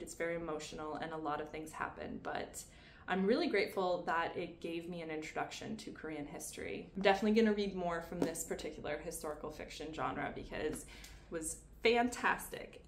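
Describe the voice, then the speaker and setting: A woman with a Canadian accent talks through her monthly reads in a relaxed, reflective way, catching and laughing at her own slips. Her voice sits on the lower side. The room adds a noticeable echo and a faint hum of ambience. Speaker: book reviewer. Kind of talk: casual book review. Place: room at home.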